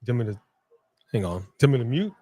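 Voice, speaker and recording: A man co-hosting a live stream in a loose, joking way, reading out viewer shout-outs between his own comments. His voice sits at an ordinary middle pitch. The sound is dry and close, with no room around it. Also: big pitch swings, a little fast, no room sound. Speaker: co-host of a live wrestling watch-along stream. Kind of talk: casual live-stream chat.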